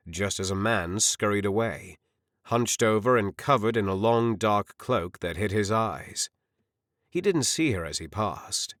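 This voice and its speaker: A man narrating a fantasy audiobook with expressive storytelling. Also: on the low side, no echo, clean studio sound.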